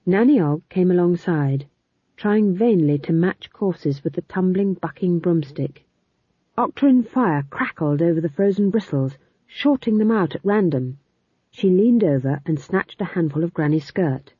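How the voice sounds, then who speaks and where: A woman narrating an audiobook in a lively, expressive reading. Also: lowish voice, a little slow, breathy edge, dry recording. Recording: tinny phone-like sound.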